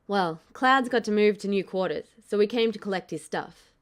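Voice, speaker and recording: A woman's voice: medium pitch, normal speed, natural voice. A woman reading a fan audiobook, voicing an easygoing young male soldier who talks glibly and casually. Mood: breezy. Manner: breezy, glib delivery.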